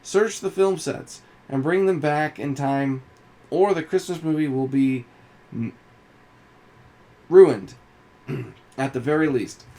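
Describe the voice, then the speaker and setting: A man reads out a mysterious star calling over a loudspeaker, hesitant at first and then pleading and urgent. The voice is gravelly and sits a little higher than his usual talk. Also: slow, long pauses. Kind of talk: reading a game's story aloud.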